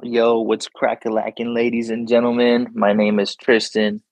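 A man's voice: mid-range voice, completely flat delivery, normal speed, a little mellow, dry recording. A man from Arizona, a podcast guest, talking in a laid-back, jokey way and laughing a lot. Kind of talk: casual podcast chat.

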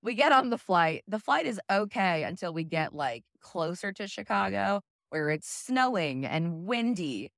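A woman hosting a podcast, telling a travel story in a loud, profane, animated way with frequent laughs. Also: mid-range voice, unhurried, vocal fry, few pauses, no echo, clean studio sound. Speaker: podcast host. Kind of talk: casual storytelling chat.

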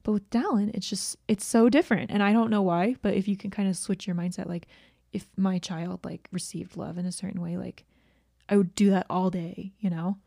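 A woman's voice: medium pitch, steady tone, a little fast, vocal fry, mellow, dry recording, clean studio sound. A young woman co-hosting a podcast, chatting casually with lots of fillers. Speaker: podcast co-host. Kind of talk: casual chat.

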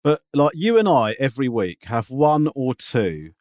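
A man's voice: mid-range voice, sing-song, normal speed, a little mellow, no echo. Teasing man, dry close sound. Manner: teasing, skeptical, stammers at sentence starts. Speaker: podcast co-host. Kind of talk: casual chat.

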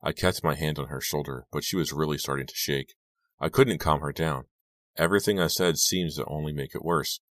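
A man reading a young-adult horror novel aloud, in a steady, measured manner. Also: a bass voice, no echo. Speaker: audiobook narrator. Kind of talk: scripted narration.

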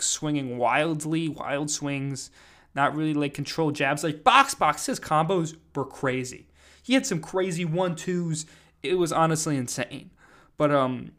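A man's voice: on the high side, a bit bright. A man casually recapping a live event, rambling with lots of fillers and "like". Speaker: podcast host recapping an event.

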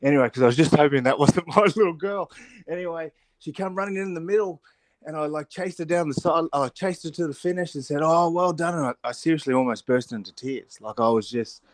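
A middle-aged man, a rugby pundit on a weekly radio spot, telling stories in an animated way, laughing often and restarting his sentences. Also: on the high side, quick pace, dry recording. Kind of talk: casual radio chat.

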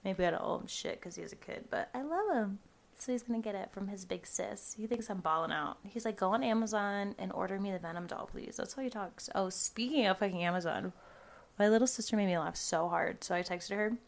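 Young female podcast host, gravelly, rambling, salty, talks from home. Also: mid-range voice, a little fast. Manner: rambling, swears a lot, says "like" often. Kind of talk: casual chat.

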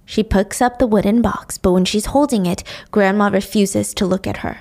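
A woman's voice: medium pitch, moderate pace, gravelly, few pauses, darkish tone. A woman recapping a drama in a casual, chatty way, with offhand swearing.

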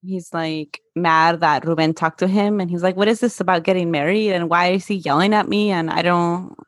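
A woman chatting casually as co-host, relaxed and agreeable, often chiming in with yeahs. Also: on the low side, normal speed, no echo, studio quality. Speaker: podcast co-host. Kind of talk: casual chat.

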